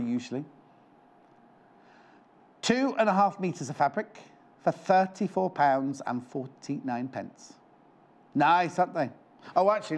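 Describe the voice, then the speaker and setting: A man presenting live on a shopping channel, chatting and joking in rambling asides. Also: a little high. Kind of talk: live TV sales chat. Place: TV studio.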